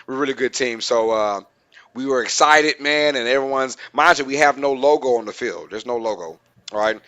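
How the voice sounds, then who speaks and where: Young male podcast co-host, animated and slangy, bright tone. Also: mid-range voice, a little fast. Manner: animated storyteller, slangy, laughs often. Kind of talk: casual sports chat.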